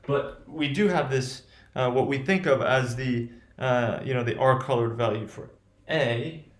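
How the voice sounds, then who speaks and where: A man's voice: medium pitch, measured pace. A man teaching English pronunciation in a loose lecture, thinking aloud with many fillers and repeated "right?" checks. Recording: echoey room.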